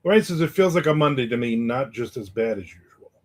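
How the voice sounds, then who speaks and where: A middle-aged man chats loosely on his livestream, drifting from story to story and stopping to read out viewers' comments. His voice sits at an ordinary middle pitch for a man. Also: lively intonation, fairly quick. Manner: rambling, reads viewer comments aloud. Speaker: livestream host. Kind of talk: casual livestream chat.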